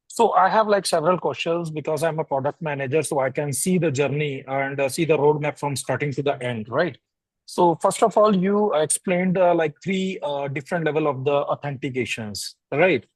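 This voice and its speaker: A man judging a hackathon asks several questions, hesitating often. His voice sits a little high. The sound is dry and close. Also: moderate pace, dry recording, poor audio. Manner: hesitant, many like and uh fillers. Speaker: hackathon judge. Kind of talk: asking questions.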